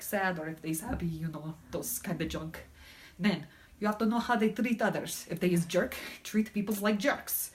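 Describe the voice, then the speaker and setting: A woman acts out a blunt Russian woman with a heavy put-on Russian accent and broken grammar. Her voice is fairly low and her delivery is deadpan. She sounds matter-of-fact. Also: natural voice. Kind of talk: comedic skit interview.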